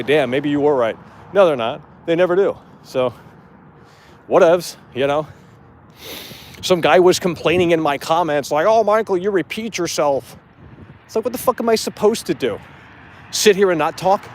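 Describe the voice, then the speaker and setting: A man's voice: a little high, a little hiss or hum. A man hosting a live gaming show outdoors, talking bluntly and profanely in a casual rant.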